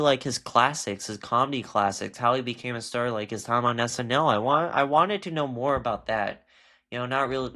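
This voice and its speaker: Man, stuffed nose, middle pitch; casual meandering film review for a tier list, halting and digressive. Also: fairly bright tone. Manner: rambling, loses his train of thought.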